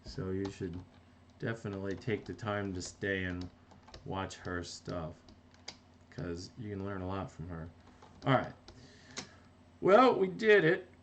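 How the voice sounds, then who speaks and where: A man's voice: deep voice, steady tone, a little slow, pauses often, slight background noise. Man, middle-aged, from New Jersey, live-stream animator, casual, rambling, stop-start, keyboard typing behind. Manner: rambling, self-interrupting, reads chat aloud. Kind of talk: casual live-stream chat while drawing.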